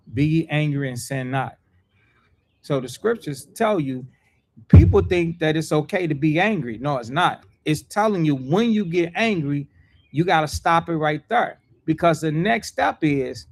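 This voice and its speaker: A man preaching a sermon emphatically, repeating himself, using street slang and swinging between loud outbursts and quiet asides. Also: sits high, no room sound.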